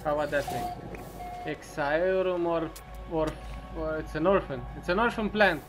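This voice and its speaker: A man's voice: fairly high pitch, normal speed, faint music behind. A man giving casual gameplay commentary, muttering to himself and swearing often. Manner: profane, muttering, talks to himself. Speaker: let's play commentator.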